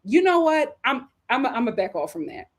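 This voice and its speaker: Animated, heated woman streamer with a high voice. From Philadelphia. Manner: animated, heated and quick to laugh. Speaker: live stream host. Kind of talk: live chat-reading commentary.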